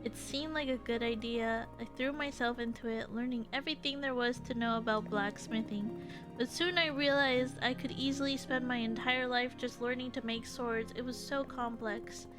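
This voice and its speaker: Woman reading a determined young female fighter, earnest, high voice. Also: steady tone, normal speed, music in the background, close to an everyday voice. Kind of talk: reading game dialogue aloud.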